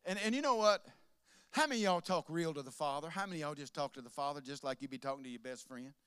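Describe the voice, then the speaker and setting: A man preaching a sermon as pastor, swinging between loud preaching and soft asides, with laughs. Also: on the high side, fast, smooth, dry recording, clean studio sound.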